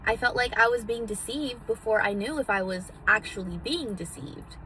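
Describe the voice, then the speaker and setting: A woman's voice: a little high, moderate pace, pushed and bright, a little hiss or hum. A woman vlogging casually from a parked car into a phone, theatrical and swearing freely as she gives self-help advice. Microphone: phone on a magnetic mount.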